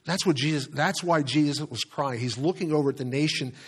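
A man preaching a sermon as a pastor, earnest and measured, pausing and correcting himself as he reads scripture aloud. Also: a little high, husky. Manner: earnest, with pauses and self-corrections while reading scripture.

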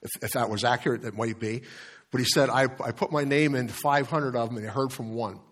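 A male pastor preaching in a plain, mid-pitched voice. He talks to his congregation in a frank, conversational way and tells stories with many small restarts. He also reads scripture aloud. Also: fairly quick, a bit bright, slightly rough. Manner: candid, conversational storytelling with restarts. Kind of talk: sermon with personal story.

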